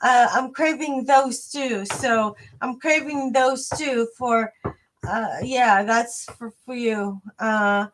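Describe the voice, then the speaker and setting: A woman's voice: a little high, slow pace, slight background noise. A woman giving a live tarot reading to viewers, hesitant and rambling, with many fillers and restarts, chatty and friendly. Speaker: tarot reader.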